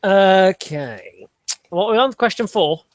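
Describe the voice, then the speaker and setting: A man's voice: high voice, a little slow, no echo. A man hosting a casual quiz on a podcast, teasing and laughing a lot with his friends. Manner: animated, teasing, laughs often. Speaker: podcast host.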